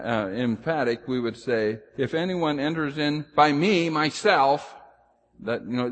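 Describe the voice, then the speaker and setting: A pastor preaching a sermon with emphasis, rising loud on key phrases and dropping low and slow to drive points home. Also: male voice, long reverb tail, slight background noise.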